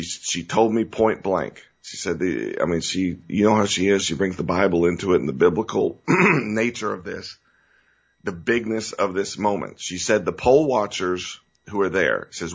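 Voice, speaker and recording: A man's voice: sits low, husky, dull audio. A man hosting a political talk show, talking earnestly in a rambling way that turns emotional. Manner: earnest, rambling, restarts and gets choked up. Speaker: show host.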